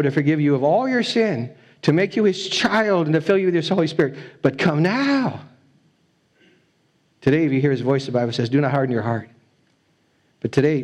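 A man's voice: a little high, a little mellow. A man preaching a sermon as a pastor, earnest and pleading, often repeating his phrases. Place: church.

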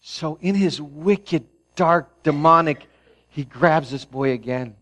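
A man preaches a sermon from the pulpit, his voice sitting a little high. He talks to the congregation casually, then builds to emphatic stretches. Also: slow, fairly bright tone. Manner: conversational preaching, rising to emphatic peaks. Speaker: pastor.

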